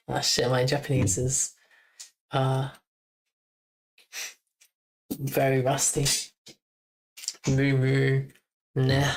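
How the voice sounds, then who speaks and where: A woman's voice: a bass voice, creaky. A young woman streamer chatting casually, joking and giggling as she repeats words from a game. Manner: playful, giggly, jokes while repeating words. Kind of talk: casual live-stream chat.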